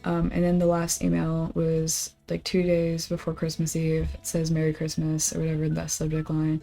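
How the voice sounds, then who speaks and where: A young woman rants casually to her stream in a low, level voice, swearing as she retells a story. Her tone is dark and mellow, and quiet plucked guitar music plays faintly underneath. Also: moderate pace, vocal fry. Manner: swearing, animated storytelling, reading emails aloud. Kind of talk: casual chat on a study stream. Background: soft guitar game music.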